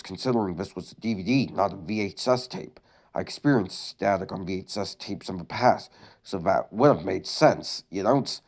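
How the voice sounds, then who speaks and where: A man's voice: lowish voice, a little mellow. A man reading a creepy story aloud, breaking in with sarcastic commentary and tripping over words. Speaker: creepypasta reader.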